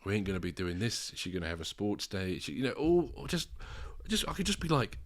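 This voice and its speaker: A man, a father co-hosting a podcast, talking frankly with swearing and halting restarts. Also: fairly low pitch, sing-song. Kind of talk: candid podcast chat.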